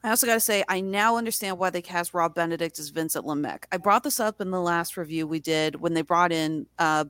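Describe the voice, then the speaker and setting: A woman's voice: fairly low pitch, brisk, hardly any pauses, a bit bright, no room sound, clean studio sound. A woman co-hosting a casual TV review chat, enthusiastic and rambling. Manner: enthusiastic, rambling, acts out quoted lines. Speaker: podcast co-host reviewing a TV series.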